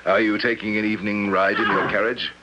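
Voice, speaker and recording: An actor playing a sophisticated Moscow gentleman. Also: lowish voice, little pitch movement, noisy background, natural voice. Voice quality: polite, measured, slightly formal. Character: sophisticated man from Moscow, curious and skeptical. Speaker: narrator and lead character. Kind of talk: 1970s radio drama acting and narration. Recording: dull lo-fi old radio broadcast.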